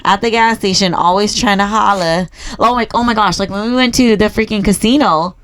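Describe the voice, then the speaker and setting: A blunt, animated woman co-hosting a casual podcast chat, with a voice of middling pitch. She swears freely and acts out other people's lines as she tells her stories. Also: a little fast. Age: adult with children. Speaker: podcast co-host.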